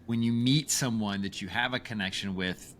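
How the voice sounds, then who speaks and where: Host role: earnest, reflective man, lowish voice, faint noise underneath. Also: normal speed, a bit bright. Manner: earnest, reflective, with a few restarts. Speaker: podcast host. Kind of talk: casual conversation.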